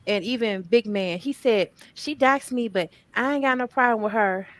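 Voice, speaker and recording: A woman's voice: a little high, moderate pace, no echo. A woman guest on a casual panel chat, outspoken and emphatic.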